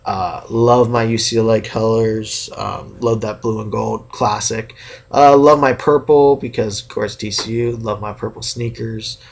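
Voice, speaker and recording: A young man from California rants to his camera in a casual vlog. He is chatty and animated and keeps mimicking the reactions of people around him. His voice has a gravelly, creaky texture. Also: on the low side, a little slow. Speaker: sneaker vlogger.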